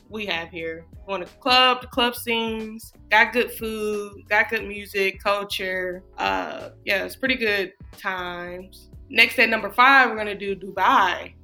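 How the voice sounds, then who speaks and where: A woman's voice: mid-range voice, measured pace, hardly any pauses, pushed and bright, faint music behind. A woman, chatting casually as a podcast co-host, rambling and laughing often. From Atlanta, USA. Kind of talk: casual chat.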